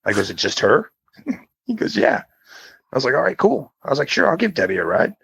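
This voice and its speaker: A man's voice: mid-range voice, fairly quick, dry recording. A man co-hosting a podcast, telling a long story in casual chat and acting out the voices of the people in it. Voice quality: gravelly, husky. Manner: animated storyteller, acts out quoted voices, swears. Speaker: podcast co-host.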